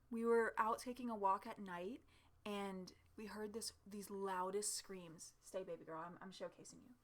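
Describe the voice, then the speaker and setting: A woman telling a story in a casual home vlog, chatty and animated, with lots of fillers and laughter, sitting at home in front of her camera. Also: mid-range voice. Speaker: vlogger. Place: home, seated in a chair with her cat.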